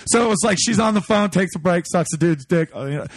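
A man's voice: sits high, fast talker, no echo, clean studio sound. A man telling a crude personal story, swearing a lot and acting out what people said. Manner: animated, swears constantly, acts out quotes.

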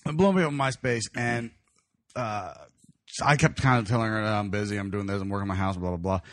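A man's voice: lowish voice, quick pace, a bit bright, dry recording. A man, hosting a podcast and telling a crude story with many laughs while putting on voices for the people in it. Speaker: podcast host. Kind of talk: casual storytelling chat.

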